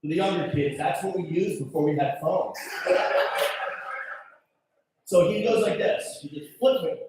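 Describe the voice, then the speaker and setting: A man doing a stand-up set, telling stories loudly with shouted punchlines and mimicked voices. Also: fairly high pitch, moderate pace. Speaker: stand-up comedian. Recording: echoey, distant live recording.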